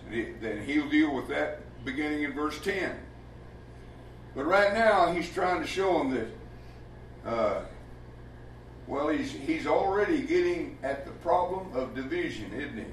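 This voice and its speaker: A man's voice: on the high side, slight background noise. A man preaching a sermon in a folksy, emphatic way, asking rhetorical questions in a church. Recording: echoey room with the mic far off.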